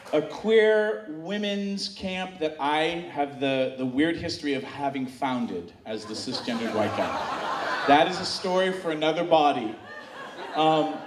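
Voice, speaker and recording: A man telling a comic story live on stage, chatty and full of fillers and restarts, bantering with the audience and getting them to shout answers back. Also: medium pitch, recorded from a distance, background noise. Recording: echoey room, heard from off-mic.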